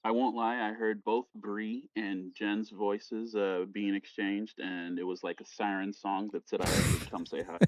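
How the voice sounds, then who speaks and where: A man calling in to chat casually, friendly and joking, telling quick puns. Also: fairly low pitch, little pitch movement, no room sound, highs cut off. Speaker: caller.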